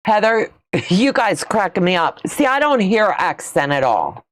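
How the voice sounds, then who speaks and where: Slow-talking woman quilting host. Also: mid-range voice, very animated. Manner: chatty, folksy, reads out and answers viewer comments. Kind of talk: casual livestream chat.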